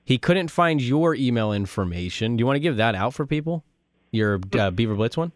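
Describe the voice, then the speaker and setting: A man's voice: mid-range voice, animated, fairly quick, dry recording, clean studio sound. A man hosting a casual sports podcast, eager and talkative, reading listener questions aloud. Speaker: podcast host.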